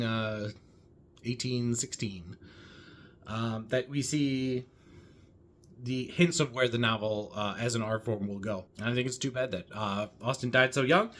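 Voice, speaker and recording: A man casually discussing a novel, thinking aloud with many pauses and restarts. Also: mid-range voice, a bit bright. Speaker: book reviewer.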